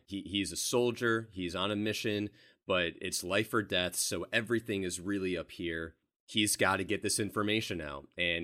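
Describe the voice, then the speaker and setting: This low, fairly bright male voice belongs to a co-host of a casual movie podcast. He tells stories animatedly and laughs as he goes, chatting about film.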